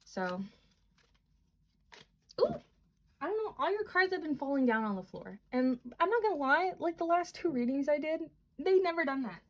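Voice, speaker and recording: A woman's voice: high-pitched, big pitch swings, moderate pace, pauses often. Rambling young woman reading tarot. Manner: rambling, filler-heavy, earnest. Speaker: tarot reader.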